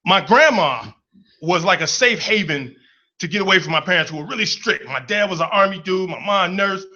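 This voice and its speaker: A man with a high, bright voice spins a comic story from his own life, playful and animated as he acts out the people in it. The sound is dull and lo-fi. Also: a little fast.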